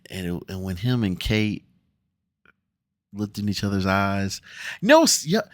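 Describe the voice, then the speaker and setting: In a dry, clean studio recording, a lowish-voiced TV review vlogger from the Cincinnati area speaks with an American accent. He rants bluntly through a casual show review, swearing plenty and putting on mock voices.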